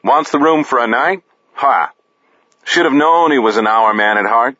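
Smug, crude motel clerk on the phone, sneering; narrator puts him on. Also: male voice, mid-range voice, moderate pace, bright, forceful tone, no echo, highs cut off, pitched above the performer's own voice. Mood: scornful.

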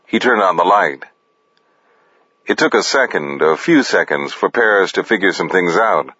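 A man narrating fiction in an expressive, deliberate manner. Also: low voice, breathy edge, no echo, lo-fi sound. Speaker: audiobook narrator.

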